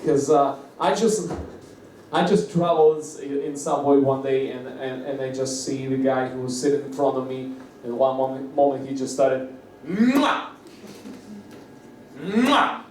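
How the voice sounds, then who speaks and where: A man's voice: medium pitch, level tone, dark tone. Giggly man with a Russian accent, echoey. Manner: halting, restarting phrases, giggling between lines. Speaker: stand-up comedian. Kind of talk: stand-up comedy set. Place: comedy club open-mic stage. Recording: echoey room, distant mic, faint noise.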